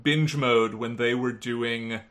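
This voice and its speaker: A woman's voice: very deep voice, fairly even intonation, slow pace. A woman hosting a podcast, chatting casually with a guest, laughing often and restarting her sentences. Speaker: podcast host. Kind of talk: casual podcast chat and outro.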